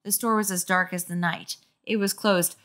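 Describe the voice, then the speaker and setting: A woman's voice: medium pitch, fairly even intonation, moderate pace, a bit bright. A woman with a sore throat reading a children's horror book aloud, breaking in with sarcastic, mocking asides. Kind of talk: comedic book reading with commentary.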